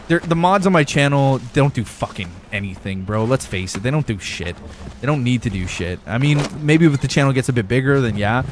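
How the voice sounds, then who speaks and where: A young man live streaming a game, chatting loosely with his viewers, rambling and swearing a lot. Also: medium pitch. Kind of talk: casual live stream chat.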